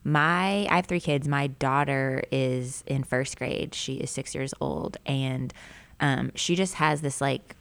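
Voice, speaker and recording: Low-voiced animated woman storyteller. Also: slow pace, gravelly, clean tone. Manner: animated storyteller, acts out quotes, frequent "like". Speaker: podcast co-host and mother. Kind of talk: casual chat.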